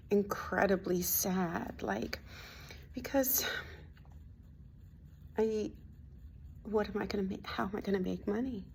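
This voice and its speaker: Woman, spiritual vlogger: confiding, heartfelt, slight vocal fry, faint background noise. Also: medium pitch. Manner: heartfelt, confiding, drifts into soft near-whispers. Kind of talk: personal spiritual vlog.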